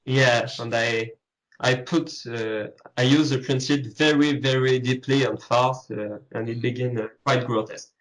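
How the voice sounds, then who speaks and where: A man's voice: mid-range voice, fairly even intonation, normal speed, fairly bright tone, low-quality recording. A man from France with a French accent, guesting on an interview, searching for English words. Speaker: guest artist. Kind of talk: casual interview chat.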